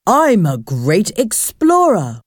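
A woman voicing a boastful, hot-tempered male Viking ghost chief who shouts his orders. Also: mid-range voice, huge pitch swings, slow, no echo, clean studio sound, full character voice. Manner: shouting, commanding.

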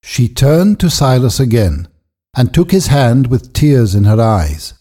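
A man narrates a storybook in a measured, expressive reading. His voice is slow, mellow and slightly husky. The pitch rolls up and down in lively arcs.

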